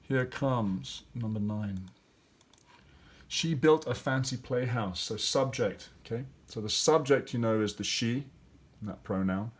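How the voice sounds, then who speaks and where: A man's voice: medium pitch, unhurried. A male teacher walking through grammar and spelling exercises step by step, thinking aloud with fillers. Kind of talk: classroom lesson walkthrough.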